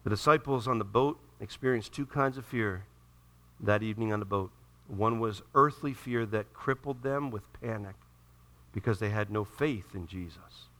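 A man preaching a sermon to a congregation, moving from calm teaching to loud, impassioned delivery as he acts out voices from the scripture. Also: lowish voice, moderate pace. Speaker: pastor.

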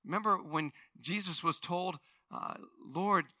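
Animated, bright-voiced male preacher. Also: sits high, moderate pace, no echo. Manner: animated storytelling, acting out voices, swinging from hushed to loud. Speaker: pastor. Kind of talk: sermon.

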